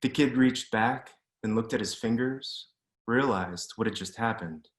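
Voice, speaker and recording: Author guy reading his story out slow and careful, video call, echoey room. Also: mid-range voice. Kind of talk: literary reading. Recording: roomy echo.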